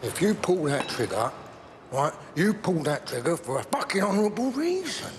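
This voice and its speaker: A volatile gangster boss who rambles, swears and threatens, his voice sitting high and swinging wildly up and down. Background noise runs under every line of this crime drama scene. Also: very animated, moderate pace. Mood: ranting. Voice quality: rambling, profane, menacing. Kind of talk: television crime drama acting. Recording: film soundtrack with background noise.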